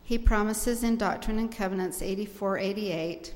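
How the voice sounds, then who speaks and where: A woman's voice: mid-range voice, moderate pace, darkish tone, in a large hall. A woman closing a church talk with an earnest, reverent testimony from the pulpit. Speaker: church speaker.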